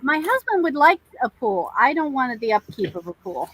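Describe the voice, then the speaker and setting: High, bright-voiced woman chatting. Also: moderate pace, breathy edge, low-quality recording. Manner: relaxed, brief, matter-of-fact replies. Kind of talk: casual group video chat.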